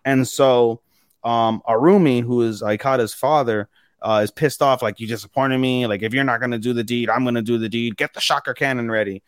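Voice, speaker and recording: A man co-hosting a podcast in casual chat, recapping plots with lively retellings and plenty of swearing. His voice sits at an ordinary middle pitch. The sound is close and dry, with no room echo. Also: a little fast, clear, resonant tone. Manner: animated retelling, acting out characters' lines with profanity. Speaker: podcast co-host.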